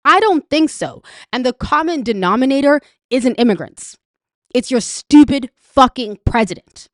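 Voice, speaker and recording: Canadian woman ranting about politics, swears a lot, sarcastic, higher voice, dry close sound. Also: expressive, normal speed, no room sound. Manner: angry, profane, sarcastic. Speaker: political commentator. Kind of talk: ranting reaction commentary.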